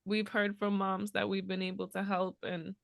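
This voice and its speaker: A woman's voice: medium pitch, flat delivery, moderate pace, vocal fry, no echo, studio quality. A woman in her thirties, a mother and podcast co-host, speaking emotionally and laughing through tears. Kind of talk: casual heartfelt chat.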